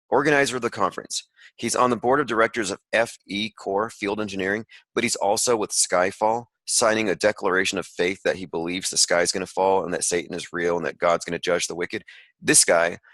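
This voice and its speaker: A man's voice: lowish voice, a bit bright, no echo, low-quality recording. A man hosting an online call, giving rambling, sarcastic commentary while reading an article aloud. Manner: sarcastic, rambling, with frequent asides. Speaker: podcast host.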